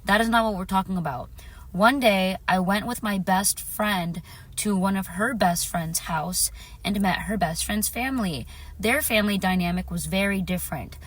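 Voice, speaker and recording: Earnest woman telling a personal story. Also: mid-range voice. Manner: earnest, repeats phrases for emphasis; affirming, speaks directly to viewers. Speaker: spiritual vlogger.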